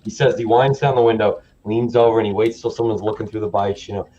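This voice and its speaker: A man co-hosting a live stream chat, telling stories in an animated way and laughing often. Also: lowish voice, quick pace. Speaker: co-host. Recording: slightly dull sound, faint noise.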